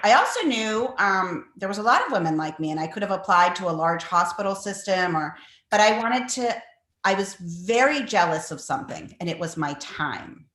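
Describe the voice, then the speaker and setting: A woman's voice: mid-range voice, expressive, normal speed, fairly bright tone. Brief: middle-aged woman guest, chatty and rambling, echoey room on a video call. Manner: rambling, chatty, many fillers. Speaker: cookbook author guest. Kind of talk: conversational interview answers.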